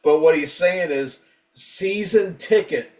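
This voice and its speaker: A man's voice: on the high side, slow pace, darkish tone. A man co-hosting a casual album review, rambling and swearing freely, acting out quotes from band members. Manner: profane, rambling, acts out quotes. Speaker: podcast co-host.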